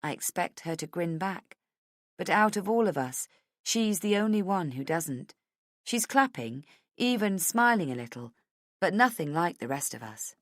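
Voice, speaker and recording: Expressive woman audiobook narrator. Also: fairly low pitch, a little slow, no echo, clean studio sound. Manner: expressive first-person narration. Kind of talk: scripted thriller narration.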